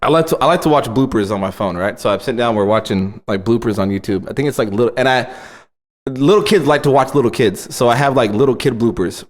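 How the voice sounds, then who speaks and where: Animated laughing man telling stories. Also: medium pitch, fast talker. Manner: animated storytelling, laughs often. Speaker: podcast co-host. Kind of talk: casual chat.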